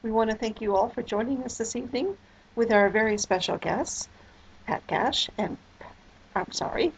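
A woman hosts a talk radio show with an upbeat welcome for her listeners and guests. Her voice has a gravelly edge and sits a little high. A faint hiss runs behind her. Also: normal speed, rough recording. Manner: upbeat welcome, laughs at her own slip.

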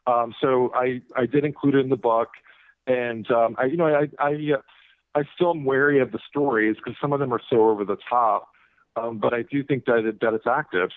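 A man's voice: mid-range voice, fairly even intonation, fairly quick, no echo. A man who is an author and guest, talking casually in an interview, rambling with many fillers and restarts. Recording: tinny phone-like radio audio.

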